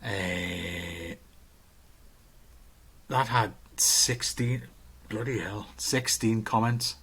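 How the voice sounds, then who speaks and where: A man's voice: lowish voice, extremely slow, fairly bright tone, slightly rough. A man, co-hosting a casual podcast chat, joking and reading out viewer comments. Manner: chatty, joking, reads out comments. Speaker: podcast co-host.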